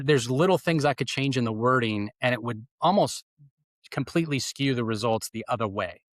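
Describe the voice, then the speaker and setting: A man's voice: mid-range voice, fairly bright tone, no room sound. A man who is a guest on a podcast interview, explaining ideas plainly and using spoken examples. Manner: explanatory, gives examples by stressing words.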